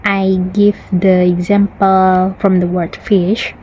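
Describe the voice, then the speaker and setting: Young woman, student presentation in English, slow and halting, mellow tone, fillers. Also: mid-range voice, little pitch movement, a little hiss or hum, poor audio. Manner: halting, with frequent pauses and fillers; repeats example words to contrast them. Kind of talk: class presentation.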